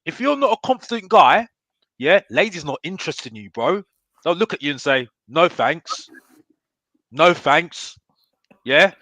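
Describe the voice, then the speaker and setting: A man talking casually about football, animated and constantly tacking on "yeah?". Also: fairly high pitch, a little fast, no echo. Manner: animated, keeps adding "yeah?". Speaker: football podcast guest. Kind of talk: casual chat.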